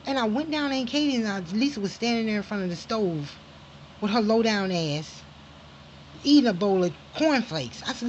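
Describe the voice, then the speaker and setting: A woman's voice: on the high side, big pitch swings, normal speed, long pauses, fairly bright tone, slight background noise, rough recording. A woman telling a family story in an angry personal monologue, profane and emphatic, flaring into heated outbursts.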